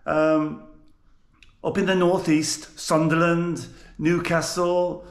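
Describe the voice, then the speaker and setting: A man's voice: a little high, flat delivery, takes it slowly. A man with a Birmingham accent chatting casually as he cooks for his vlog, jokey and rambling, filmed on a GoPro in a kitchen. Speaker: cooking vlogger. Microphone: GoPro camera. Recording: echoey room.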